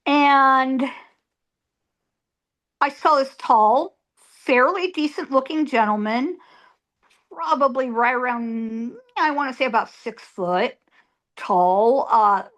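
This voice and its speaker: A woman's voice: high voice, slow, pauses often, fairly bright tone. A middle-aged woman, a psychic medium, telling a story as an interview guest in an emphatic way, repeating words for effect.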